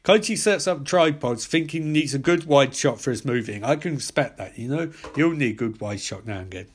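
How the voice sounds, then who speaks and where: A man's voice: medium pitch, lively intonation, a little fast, slightly rough. A young man recapping a horror film, full of sarcastic, profane asides. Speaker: film reviewer.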